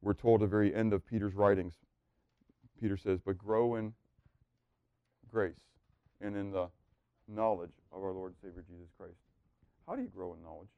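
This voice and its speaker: A man preaching a sermon, asking the room rhetorical questions and swinging from hushed, quiet lines to loud, excited ones. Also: low voice, normal speed, creaky, pauses often, no echo, narrow, tinny audio. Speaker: pastor.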